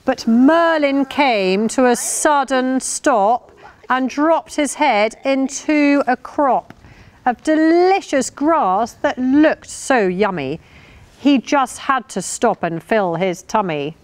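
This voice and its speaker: A woman's voice: high-pitched, animated, slow, dry recording. A woman reading a rhyming storybook aloud to young children, lilting and playful, with little voices for the characters. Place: farm, children listening.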